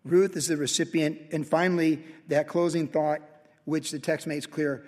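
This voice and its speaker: A man's voice: a little high, level tone, normal speed, a little mellow. A male pastor preaching a sermon with impassioned storytelling. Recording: long hall reverb.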